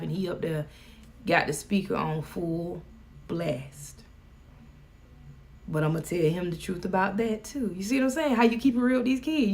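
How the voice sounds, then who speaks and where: Woman, Southern US accent, casual live-stream chat, joking, some vocal fry. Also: on the low side, fairly bright tone. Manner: chatty, folksy and joking.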